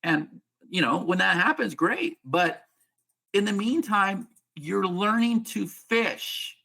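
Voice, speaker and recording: A man's voice: high voice, animated, slow, vocal fry, bright, forceful tone. A man hosting a training call on a video link, casual and joking, teasing a participant in a folksy way. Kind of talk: casual teaching on a group call.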